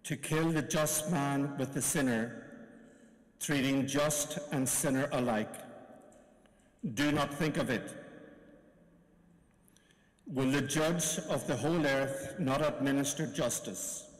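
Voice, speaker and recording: A man reading the part of a humble elderly patriarch who pleads with God, in an earnest, measured way. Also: mid-range voice, lightly acted. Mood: pleading. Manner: read aloud, earnest and measured. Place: church. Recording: long church reverb.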